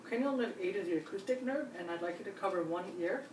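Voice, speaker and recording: A woman with a fairly low voice calmly guides a patient through a clinical exam, one step at a time. She is recorded from a distance in a roomy space with faint hiss behind her. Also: fast, few pauses. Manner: calm, step-by-step instructions with frequent reassurance. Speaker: nurse examiner. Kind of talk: clinical demonstration.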